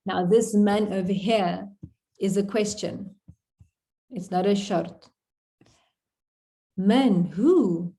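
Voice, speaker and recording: Lady tutor on a video call, warm mellow voice, chatty, goes word by word. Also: mid-range voice, vocal fry. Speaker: Arabic tutor. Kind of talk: online class.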